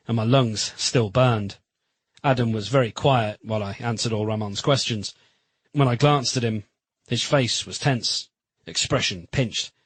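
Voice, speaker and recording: A man narrating a first-person romance audiobook in a steady, measured reading. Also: mid-range voice, breathy edge, dry recording, poor audio.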